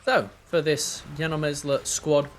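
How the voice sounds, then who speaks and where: A man's voice: fairly high pitch, measured pace, faint music behind. Man casting esports with analytical energy. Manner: analytical, lively play-by-play. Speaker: esports caster. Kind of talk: esports commentary.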